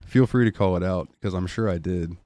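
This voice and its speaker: Male podcast guest, very deep voice, dry close sound, easygoing. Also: a little fast, warm tone, no echo. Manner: easygoing, storytelling. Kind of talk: casual podcast chat.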